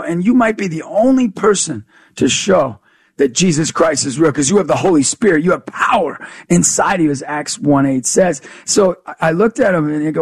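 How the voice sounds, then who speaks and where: A man with a gravelly, husky voice tells a story as an interview guest. He acts out the lines of dialogue in an animated way. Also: a little high, moderate pace. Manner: animated storyteller who acts out dialogue, much "you know" and "I go". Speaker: guest, youth speaker.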